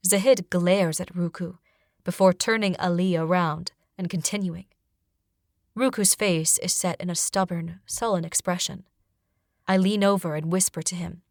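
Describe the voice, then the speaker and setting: A woman reading a fantasy novel in the first person as an audiobook narrator, expressive and dramatic, on a close studio mic. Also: lowish voice, normal speed, dry recording.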